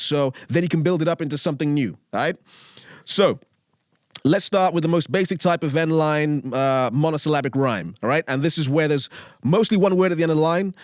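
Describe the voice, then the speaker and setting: A man's voice: fairly high pitch, dry recording. Laid-back British man teaching lyrics. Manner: laid-back, checks in with "all right?" and "okay?". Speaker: lyric writing tutor. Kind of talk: casual instructional talk with rap examples. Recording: dry close mic with faint beat underneath.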